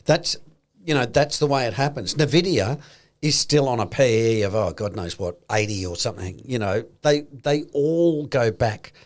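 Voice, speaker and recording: Australian male podcast host, mid-pitched, lively and blunt, acts out quotes. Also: normal speed. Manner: animated, acts out quoted voices, swears freely. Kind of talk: casual investing chat.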